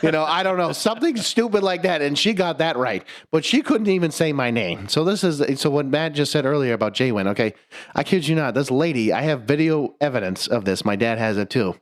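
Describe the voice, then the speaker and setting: His voice sits on the high side, expressive and a little quick. He's a young podcast co-host relating a story casually, cursing freely and laughing in the middle of sentences, then restarting what he was saying.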